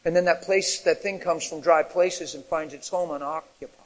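A male preacher with a high voice delivers an animated sermon, swinging from quiet, low stretches to loud shouted peaks. His voice carries a long reverb from a large church hall. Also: moderate pace.

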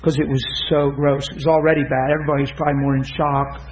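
A male preacher delivering an impassioned sermon, swinging from shouted peaks to hushed storytelling. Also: fairly high pitch, little pitch movement, quick pace, dull audio, slight background noise.

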